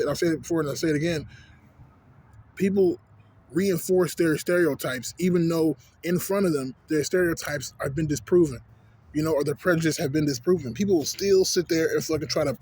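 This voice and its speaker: A young man delivering an animated, profanity-heavy rant as a vlogger, often asking "you know what I'm saying". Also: a little high, slight background noise. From Houston, Texas. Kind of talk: profane ranting monologue.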